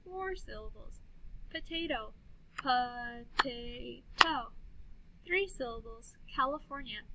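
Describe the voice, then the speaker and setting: In a classroom, a woman with a high-pitched, expressive voice records a phonics lesson for first graders, sounding out words slowly, clearly, and patiently. The recording is very noisy.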